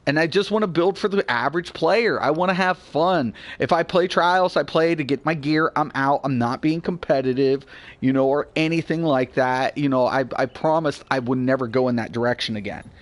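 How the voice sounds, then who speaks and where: A man in his forties with a high-pitched voice rants bluntly and heatedly about a game, swearing freely. He drifts between low, muttered grumbling and loud, excited bursts, talking casually like a streamer mid-session. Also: normal speed. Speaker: gaming channel host. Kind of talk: casual gameplay rant.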